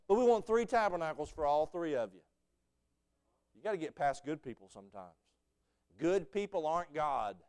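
A male preacher delivers a folksy sermon full of stories. His voice is smooth and resonant and sits fairly high. He builds from easy storytelling to shouted fervor. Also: animated, normal speed, long pauses.

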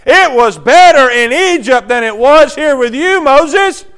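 Preacher guy doing a whiny israelite man, high shrill complaining voice, kinda slow and nasal-sounding. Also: animated, a bit bright, heavily acted. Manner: shrill, grumbling and mocking.

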